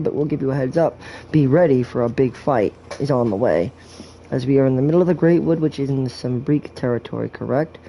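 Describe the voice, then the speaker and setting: A man's voice: medium pitch, gravelly, warm tone, slight background noise. A man giving a joking, rambling walkthrough commentary on a video game, full of crude jokes and swearing.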